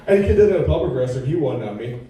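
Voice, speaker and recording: A man in his thirties doing a stand-up comedy set with a laid-back, deadpan delivery at a comedy club. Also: mid-range voice, very fast, heavy reverb, recorded from a distance, background noise. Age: 30s. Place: comedy club with a live audience.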